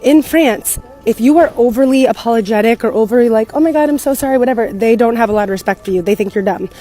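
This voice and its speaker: American woman, rapid chatty storytelling, slightly high voice, casual swearing. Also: faint music behind. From United States. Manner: chatty, animated, swears freely. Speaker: content creator living abroad.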